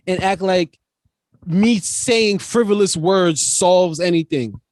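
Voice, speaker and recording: A man's voice: high voice, slow pace, a little mellow, no echo. A man from New York co-hosting a podcast in casual chat, blunt and emphatic, swearing freely. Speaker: podcast co-host.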